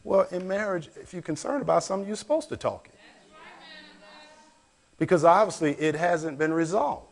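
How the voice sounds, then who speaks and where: A man's voice: high voice, expressive, normal speed, gravelly, long pauses. A man with a Chicago accent, a pastor, answering questions in a reflective, conversational teaching manner. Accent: Chicago African American English. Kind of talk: church Q&A discussion.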